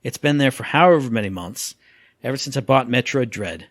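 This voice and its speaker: A man co-hosting a casual gaming podcast, telling stories with lively acted-out quotes and sound effects. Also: medium pitch, a little fast, no room sound. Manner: animated storyteller, acts out quotes and sound effects. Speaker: podcast co-host.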